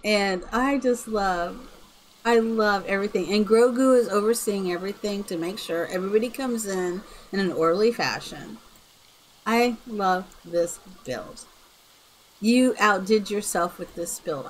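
A woman's voice: mid-range voice, moderate pace, a little hiss or hum, rough recording. A woman streaming a game live, chatting casually and laughing through her words. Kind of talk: casual live-stream chat while gaming.

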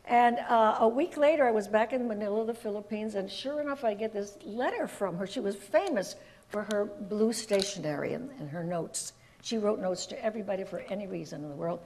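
An older woman from Puerto Rico, a guest telling lively stories in an interview and laughing often. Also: medium pitch, a little fast, slight background noise. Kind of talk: anecdotal storytelling in an interview.

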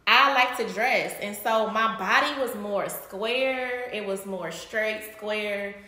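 A woman in her late twenties talks straight to her viewers from home in a loose, chatty way, laughing often and acting out her old reactions. Her voice sits at a middle pitch. The room around her rings with noticeable echo. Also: takes it slowly, bright, forceful tone. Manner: chatty, addresses viewers as y'all. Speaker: vlogger. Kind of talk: casual chat to camera. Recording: echoey room.

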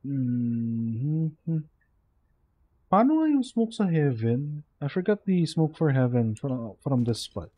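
A man's voice: medium pitch, big pitch swings, takes it slowly, breathy edge, highs cut off. A sleepy young man with a Filipino accent, mumbling to himself as he streams a game. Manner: mumbling to himself, code-switching into Tagalog. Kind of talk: casual gameplay commentary.

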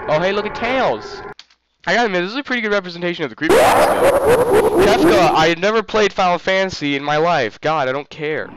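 A man giving crude, jokey commentary on a horror game, reacting loudly to the scares. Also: high voice, big pitch swings, quick pace, heavy background noise. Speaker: gameplay commentator. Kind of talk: let's play commentary. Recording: game music playing under the voice. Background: game music.

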